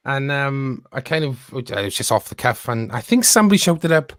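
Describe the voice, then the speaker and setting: A man's voice: medium pitch, sing-song, normal speed, dry recording, clean studio sound. A Welsh man in a band telling a funny story on a podcast and laughing at it. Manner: jokey, laughs at his own stories. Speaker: band member co-hosting a podcast. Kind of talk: casual storytelling.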